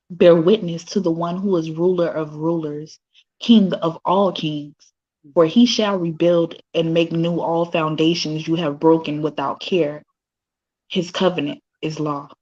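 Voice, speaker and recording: A woman reading her own poems aloud in a slow, solemn recitation. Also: on the low side, darkish tone, highs cut off. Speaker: guest poet.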